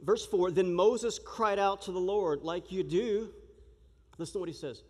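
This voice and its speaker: A man preaching a sermon in an animated, joking way, acting out the shouting crowd as he tells the story. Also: high voice, moderate pace, slightly rough. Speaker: pastor. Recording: long reverb of a large hall.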